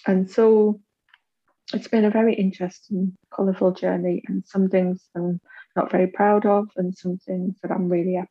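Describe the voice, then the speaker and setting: A woman in her forties, an interview guest candidly telling her life story and acting out the voices of others with big pitch jumps. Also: gravelly, husky, no room sound, highs cut off.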